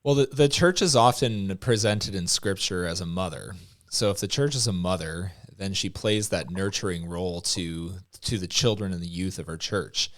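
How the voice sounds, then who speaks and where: Deep-voiced man explaining at a steady pace. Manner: measured, explaining scripture. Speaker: podcast co-host. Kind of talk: podcast discussion.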